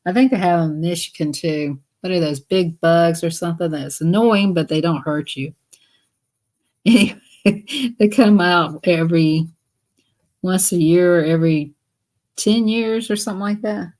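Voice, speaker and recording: A woman's voice: fairly low pitch, moderate pace, darkish tone. A woman live streaming, telling rambling stories in casual chat and laughing often as she talks.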